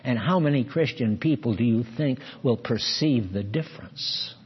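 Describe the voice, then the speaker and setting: A man preaching a sermon, emphatic, moving between hushed warnings and forceful exhortation. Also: medium pitch, normal speed, husky. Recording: dull lo-fi recording.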